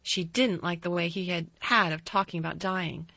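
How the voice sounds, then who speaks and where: A woman narrating a storybook in a calm, measured way with small restarts, in a slightly dull, dry recording. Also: fairly low pitch, creaky, no echo. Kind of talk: storybook reading.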